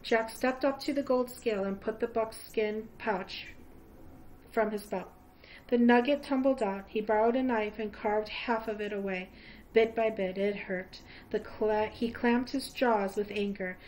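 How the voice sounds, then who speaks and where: A woman, a teacher, reading a children's novel aloud in a steady storytelling voice with a few small slips. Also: mid-range voice, unhurried, slight background noise, rough recording. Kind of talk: children's book read-aloud.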